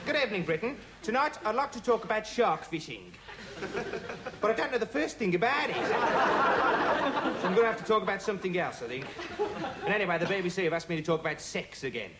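Dopey young reporter, high voice, deadpan rambling, big audience laughter behind. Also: male voice, over a noisy crowd. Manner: rambling, deadpan, halting with "like" and "you know". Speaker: bumbling investigative reporter. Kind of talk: comic monologue to camera. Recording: noisy TV studio with audience laughter.

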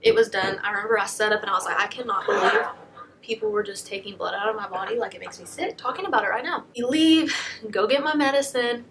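A young woman YouTuber telling a personal story in a soft, confessional way, packing almost every phrase with "like". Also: mid-range voice, fast, heavy background noise. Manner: heavy filler "like", soft confessional.

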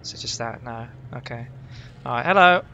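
A man hosting a casual let's-play from home, excitable, jumpy and heavily profane. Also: mid-range voice, moderate pace, muffled recording, slight background noise. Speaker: gaming channel host.

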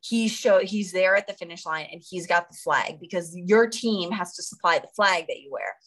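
A woman's voice: fairly low pitch, expressive, normal speed, fairly bright tone. A young woman from the United States, an Olympic runner, chatting casually as an interview guest, giggling often and filling her speech with "like". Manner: bubbly, giggly, fillers of "like".

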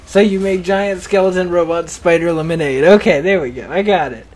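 A man's voice: high-pitched, normal speed. A young man rambling and joking as he comments on his own gameplay, often laughing at himself. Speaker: gaming channel host.

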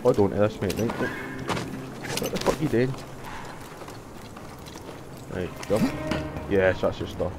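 A young man giving live gameplay commentary, excitable and profane, yelling and cheering at the game. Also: lowish voice, slow, pauses often. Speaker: gamer. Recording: voice over loud game music.

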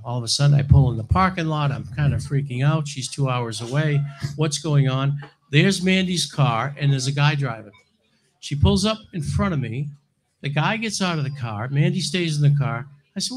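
A middle-aged man, a filmmaker guest, telling an animated story and acting out the dialogue, with a lot of "uh" and "um.". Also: fairly high pitch, brisk, low-quality recording. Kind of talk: storytelling and interview talk.

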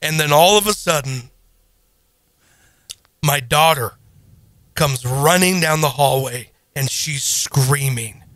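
Man telling a story, bright and dry. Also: fairly high pitch, slow pace, pauses often, no echo. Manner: animated, self-deprecating, acts out his own panic. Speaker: podcast co-host. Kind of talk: casual storytelling.

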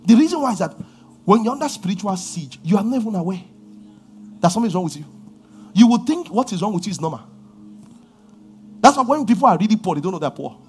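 A Nigerian man preaching in a high, lively voice that leaps up and down. He moves between quiet, confiding asides and sudden loud outbursts. Faint music plays behind him. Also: fast talker, pauses often. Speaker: pastor. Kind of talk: sermon.

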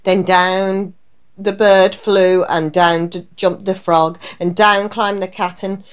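A woman radio presenter giving an expressive, rhyming reading of a children's story. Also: medium pitch, slow pace, clear, resonant tone. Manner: rhyming, animated delivery.

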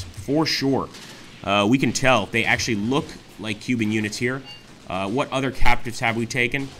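A man casually commenting on his strategy game playthrough, thinking aloud with frequent pauses and fillers. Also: medium pitch, a bit bright, slight background noise. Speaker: gaming video host.

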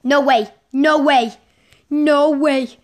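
A young girl giving excited commentary while playing a game at home, often repeating exclamations. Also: high voice, extremely slow. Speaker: gaming vlogger. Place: home with a sibling gaming nearby.

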